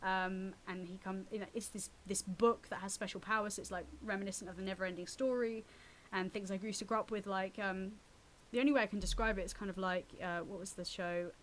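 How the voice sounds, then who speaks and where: A woman actress and comic chatting as a radio interview guest, telling stories with lively acted-out asides. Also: mid-range voice, a little hiss or hum. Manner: quick, animated storyteller who acts out quotes. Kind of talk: casual radio interview chat.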